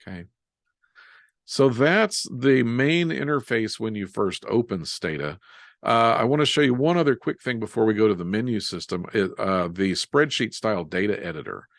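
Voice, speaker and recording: A man leads a live software webinar in a fairly low voice. He sounds relaxed and joins the steps together as he types, poking fun at his own typos. The sound is dry and close, with no room echo. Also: moderate pace. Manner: relaxed, self-deprecating, walks through steps while typing. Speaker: software instructor.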